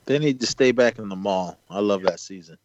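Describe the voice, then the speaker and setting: A man's voice: on the low side, fairly quick, muffled recording, crowd noise. An older man guesting on a casual podcast, making dry, teasing remarks.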